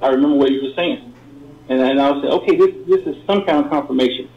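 A middle-aged man calling in to a radio show, giving an earnest, halting testimony with many repeated words. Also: medium pitch, highs cut off. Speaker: caller. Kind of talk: call-in testimony. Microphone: phone call. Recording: roomy call-in line.

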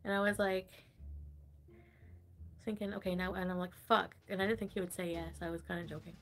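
A woman's voice: fairly low pitch, fairly even intonation, fairly quick, pauses often, faint music behind. A woman livestreaming in casual, rambling chat, swearing freely and laughing often.

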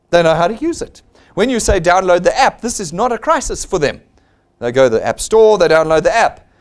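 A man's voice: high-pitched, darkish tone. A man with a South African accent giving a blunt, persuasive motivational sales seminar, acting out the people he quotes. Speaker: seminar presenter.

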